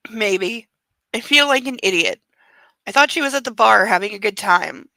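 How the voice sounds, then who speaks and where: A brooding young man apologizes to his lover in a subdued, low-key voice, as a woman reads him. The voice is bright and crisp. The sound is close and dry. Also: lively intonation, normal speed, no echo. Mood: apologetic.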